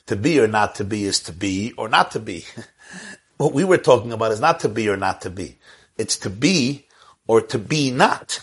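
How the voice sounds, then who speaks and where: Husky man teaching a religious class. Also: on the low side, a bit bright. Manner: earnest, repeats key phrases, chuckles. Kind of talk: Torah lecture with questions.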